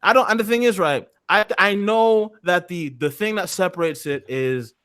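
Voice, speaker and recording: A man's voice: sits high, normal speed, fairly bright tone, smooth, no room sound. A man co-hosting a casual stream chat, rambling and mocking, often tripping over his own restarts. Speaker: stream co-host.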